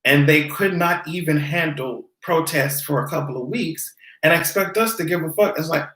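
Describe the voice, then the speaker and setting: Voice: normal speed, few pauses, a bit bright. Sarcastic, profane vlogger ranting in a roomy space. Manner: breaks into high mocking voices and laughter. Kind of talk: ranting commentary vlog.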